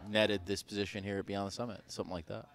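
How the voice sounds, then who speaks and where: A young man calling an esports match play-by-play, excitable and jokey, quick to laugh between calls. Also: fairly low pitch, gravelly. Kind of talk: play-by-play commentary with banter.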